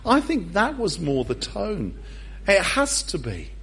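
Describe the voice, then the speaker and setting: Speaking slowly in a high, husky voice, a middle-aged pastor preaches a funny sermon at church. His stories are lively and full of self-mocking humor.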